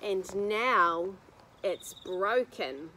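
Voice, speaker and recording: A woman voicing Baby Bear, a small eager male bear cub who cries out his lines in a high plaintive voice. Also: animated, drawn-out words, sharp tone, a little hiss or hum, heavily acted.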